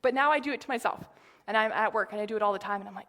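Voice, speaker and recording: This church speaker talks very fast in a mid-range voice, giving an informal, wandering sermon with plenty of fillers and digressions. She lowers her voice to a hush whenever she quotes someone.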